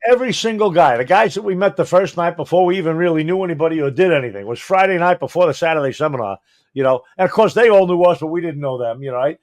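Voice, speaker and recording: This fire chief's voice is on the high side and he talks quickly. On the podcast he co-hosts, he chats casually, rambling through stories and acting out what people said.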